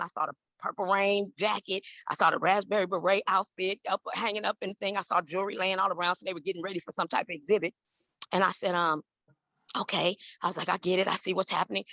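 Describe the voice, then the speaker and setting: Fast-talking storyteller woman with a gravelly edge. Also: fairly even intonation, sharp tone, no echo. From Southern California. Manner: acts out every voice in her story with big pitch swings. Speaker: guest, celebrity hair stylist. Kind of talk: animated storytelling in an interview.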